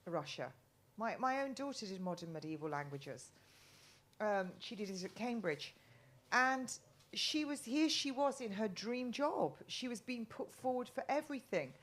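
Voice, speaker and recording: A middle-aged woman from England talking as a guest in a casual live chat, rambling with many restarts and ums. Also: mid-range voice.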